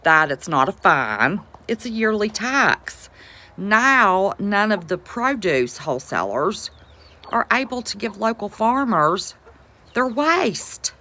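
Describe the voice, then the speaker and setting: A woman's voice: medium pitch, sing-song, takes it slowly, bright, forceful tone. A woman with an Appalachian accent, chatting folksily to viewers on a homestead live stream. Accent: Appalachian American. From West Virginia. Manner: folksy, chatty, calls viewers sweetheart and buddy. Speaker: homestead vlogger greeting live chat. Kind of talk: casual live-stream chat.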